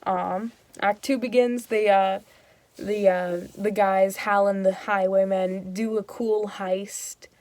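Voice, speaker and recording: A woman's voice: medium pitch, fairly even intonation, slow, a little mellow, dry recording. Young woman host, casual rambling comic summary, dry close sound.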